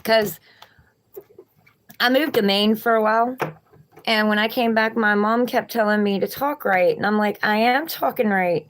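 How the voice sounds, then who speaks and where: A woman's voice: mid-range voice, fairly even intonation, moderate pace, pauses often. A woman with a Southern accent, reading tarot cards on a live stream and chatting encouragingly with viewers. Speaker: tarot reader.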